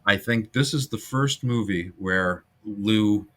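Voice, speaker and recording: A man hosting a casual film-history podcast, animated and jokey, now and then breaking into silly voices. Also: lowish voice, slow. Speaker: podcast host.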